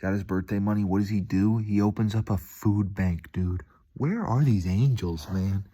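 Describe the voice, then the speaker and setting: A young man rambles in a relaxed, easygoing way, tossing in dude and man as he goes. His voice sits very low. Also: moderate pace. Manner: laid-back, calls the listener dude and man, mimics angry voices in stories. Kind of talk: rambling casual monologue.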